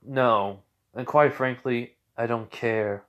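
A man's voice: mid-range voice, fairly even intonation, slow, fairly bright tone, highs cut off. Man as a laid-back young hero. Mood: offhand. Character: unbothered young male hero, cool and dismissive.

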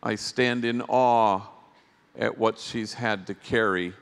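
Slow-talking priest in a big hall. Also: male voice, fairly low pitch, fairly even intonation, a bit bright, smooth. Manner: slow, reflective storytelling with long pauses. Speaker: priest and speaker. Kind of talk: storytelling keynote talk. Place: large conference hall. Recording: long reverb of a big hall.

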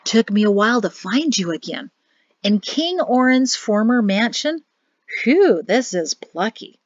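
A woman voicing a quiet, grave young man in an audiobook, speaking in soft, low, measured warnings. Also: big pitch swings, no echo. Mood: wry. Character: grim quiet young man, cryptic brother. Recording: dull lo-fi dry audio.

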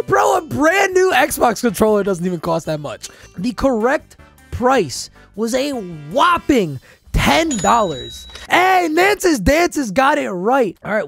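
A man's voice: very high voice, gravelly. A man hosting a price-guessing game on a live stream, brash and profane, joking with chat. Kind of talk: casual live-stream banter.

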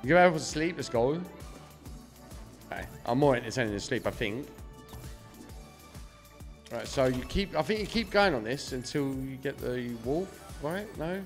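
A man's voice: mid-range voice, expressive, normal speed, pauses often, soft background music. Sweary man streaming slots. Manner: swears freely, chats to viewers. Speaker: slot streamer. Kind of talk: casual live-stream commentary.

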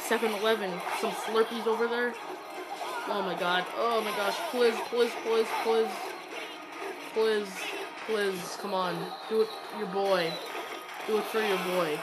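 A woman giving excitable, ranting commentary while playing a mobile game, swinging between yelling and muttering. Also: mid-range voice, unhurried. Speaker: gaming YouTuber. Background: loud game music.

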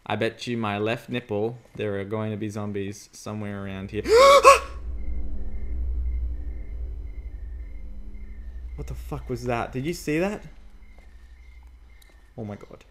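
A man's voice: on the low side, normal speed, slight background noise. A man playing a zombie game on camera, talking jokily and nervously, swearing and yelping at the scares, recorded on a desktop microphone at home. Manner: jittery, jokey, swears and yelps. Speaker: gaming YouTuber. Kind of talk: frightened let's-play commentary. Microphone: desktop USB microphone.

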